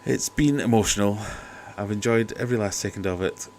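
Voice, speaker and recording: A man with a lowish, somewhat mellow voice talks fairly quickly while hosting a relaxed aquarium stream at home. Chatty and skeptical, he mixes in jokey asides, and a little hiss or hum rides under his cheap desk mic.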